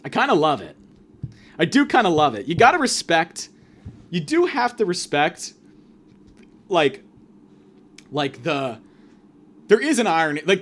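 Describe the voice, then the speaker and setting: A young man hosts his own comedy podcast and rants alone in mock-grandiose bursts. His voice sits a little high and bounces lively up and down. He veers suddenly between loud and quiet. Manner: mock-grandiose ranting with sudden shifts in volume. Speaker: podcast host. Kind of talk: solo comedic monologue.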